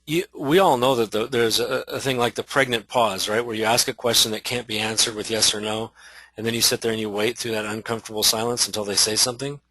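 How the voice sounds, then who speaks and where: A man's voice: lowish voice, fairly even intonation, quick pace, sharp tone, dry recording, rough recording. A man giving an instructional talk to real estate agents, conversational, with many restarts and rhetorical questions.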